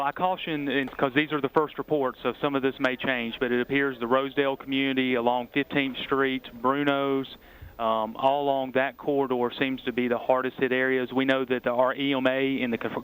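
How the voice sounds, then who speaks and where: A man who is a city mayor giving a measured, cautious update during live storm coverage. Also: medium pitch, a bit bright, poor audio. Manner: measured, cautious official briefing. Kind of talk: phone-in report during live news.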